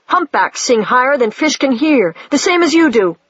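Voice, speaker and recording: A reader lifts the voice high for a young girl wizard in humpback whale form, earnest and quick to turn fierce. The voice sits well above the reader's own, in a dull, dry lo-fi recording. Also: big pitch swings, a bit bright, breathy edge, no echo, full character voice. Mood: defiant. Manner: earnest, pleading, turning fierce.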